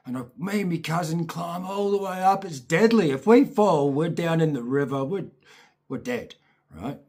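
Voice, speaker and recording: Husky-voiced man spinning a rambling yarn. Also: on the high side, lively intonation, moderate pace, a little mellow. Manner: rambling, profane, chatty. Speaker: storyteller. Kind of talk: casual spoken storytelling.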